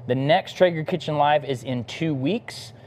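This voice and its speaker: A man's voice: a little high, moderate pace, darkish tone, a little hiss or hum. Easygoing bbq guy, middle aged, hosting a live cook, talking with his mouth half full. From Texas. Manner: laid-back and enthusiastic, talking between bites. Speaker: barbecue pitmaster hosting a cooking livestream. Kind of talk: casual live cooking demo chat.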